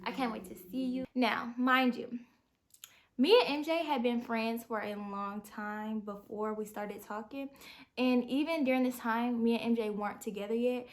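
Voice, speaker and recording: A young woman vlogger telling a storytime in an animated, slangy way, acting out the dialogue, recorded in her bedroom at home. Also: a little high, normal speed. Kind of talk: storytime vlog.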